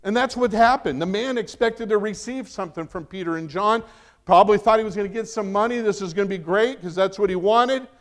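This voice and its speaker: A middle-aged man preaching a sermon in a fairly high voice. He is animated, pressing points loudly, then dropping into soft, confiding asides. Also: a little fast. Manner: animated, swings from loud emphasis to quiet asides. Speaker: pastor.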